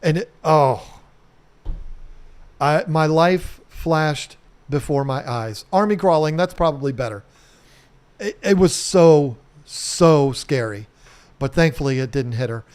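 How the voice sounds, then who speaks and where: Middle-aged guy rambling thru a story on his house vlog, kinda high voice, does goofy sound effects and cusses casually. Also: takes it slowly, pauses often, clear, resonant tone. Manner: animated storyteller who mimics sounds and swears casually. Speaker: home restoration vlogger.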